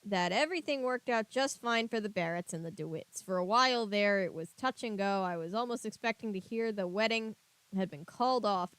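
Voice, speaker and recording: Woman reader, casual read-aloud of a kids' book, bright character lines, chatty asides. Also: a little high, no room sound. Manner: reads dialogue brightly, chatty joking asides. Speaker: reader and commentator.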